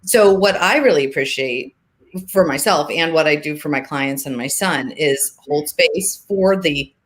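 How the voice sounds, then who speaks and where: A woman guest in a conversational interview, telling stories in an animated way. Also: low-pitched, unhurried. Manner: animated storyteller. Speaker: guest, humor and grief coach.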